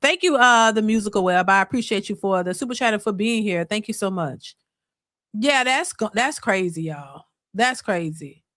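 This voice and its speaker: A woman's voice: medium pitch, expressive, normal speed, fairly bright tone, dry recording. A woman hosting a live reaction stream, exclaiming and talking straight to her viewers as she reads their messages.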